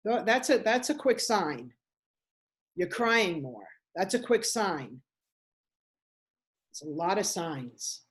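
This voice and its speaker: A woman's voice: medium pitch, sing-song, takes it slowly, long pauses. A woman in her sixties speaking as an interview guest, emphatic, repeating her points and acting out quoted lines. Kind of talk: interview talk.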